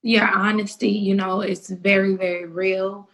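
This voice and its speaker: A woman's voice: mid-range voice, little pitch movement, unhurried, fairly bright tone. Woman host, affirming and encouraging, conversational. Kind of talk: conversational interview.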